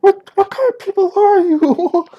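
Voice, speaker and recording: A man's voice: very high voice, measured pace, lo-fi sound, a little hiss or hum, pitched above the performer's own voice. A man doing a whiny cornered street thug. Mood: scared. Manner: whiny, defiant, uneducated. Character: cornered young male street gang thug.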